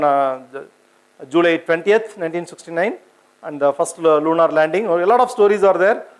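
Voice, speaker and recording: A man's voice: high-pitched, rough recording. A man with an Indian English accent giving an informal science lecture, hesitant with many fillers and restarts, asking his audience questions. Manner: asks the audience questions, conversational. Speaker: senior scientist giving a public talk.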